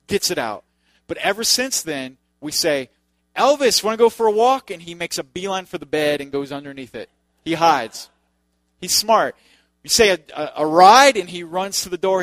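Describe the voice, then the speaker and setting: A man's voice: on the high side, a bit bright, no echo. A man preaching a sermon in a loose, conversational way, with joking asides to the congregation. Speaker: pastor.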